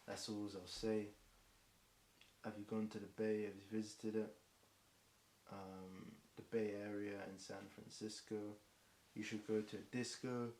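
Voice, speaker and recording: A man from Britain improvises rhymes for a long stretch, rambling and saying um often. His voice sits on the low side with a darkish tone, little pitch movement, and a measured pace. Echo and faint hiss are audible in the room.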